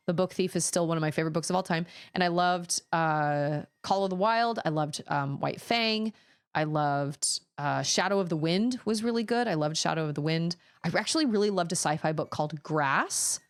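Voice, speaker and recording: A woman streamer chatting casually and rambling about the books she loves. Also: on the low side. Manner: chatty, rambling, animated when telling stories. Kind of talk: casual chat.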